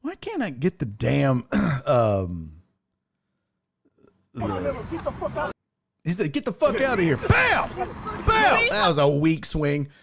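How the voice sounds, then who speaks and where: A man's voice: slow pace, gravelly, long pauses, breathy edge. A man hosting a show, casually commenting on a video with profane jokes and mimicking the people in it. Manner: animated, profane, mimics people in high voices. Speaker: show host.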